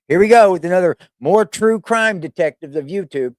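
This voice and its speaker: Profane, chatty man with a slightly high voice. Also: lively intonation, normal speed, a little mellow, no echo, clean studio sound. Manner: loose, profane, chatty, talks to his cat. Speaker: streamer host. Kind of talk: casual live-stream chat.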